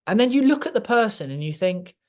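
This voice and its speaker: A man gives a motivational masterclass, pressing each point hard and repeating lines for effect. His voice sits a little high for a man. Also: big pitch swings, fast. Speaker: speaker.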